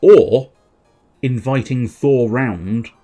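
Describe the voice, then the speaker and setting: A man's voice: mid-range voice, extremely slow, mellow, dull audio, soft background music. A man chatting on a gaming livestream in a wry, joking way and laughing often. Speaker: gaming streamer. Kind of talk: casual livestream chat.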